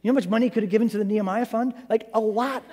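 A man's voice: sits high, steady tone, very fast, dark tone, big-room sound, voice pushed up. A man voicing a group of baffled male disciples who protest in rising, incredulous questions.

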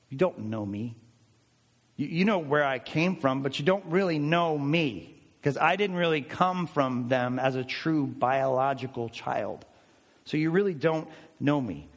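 A man voicing a calm male teacher who confronts his doubters in a wry, direct way. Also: fairly high pitch. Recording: reverberant hall.

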